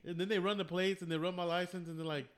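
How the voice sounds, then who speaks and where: A man's voice: sits high, fast talker. Laughing man telling a story. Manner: animated storyteller, often laughing. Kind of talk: casual chat.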